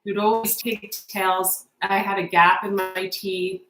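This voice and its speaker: A woman in her forties talks straight to her viewers in a chatty, emotional tarot reading that drifts into a personal story. Her voice sits at an ordinary middle pitch, and the room around her is echoey. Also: flat delivery, measured pace, a bit bright, faint music behind. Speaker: tarot reader.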